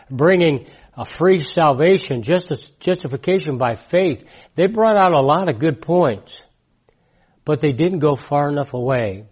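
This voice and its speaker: A man in his sixties preaching in a conversational, emphatic way, repeating his key points and swinging from loud to hushed. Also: on the high side, husky. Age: 60s. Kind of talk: conversational sermon testimony.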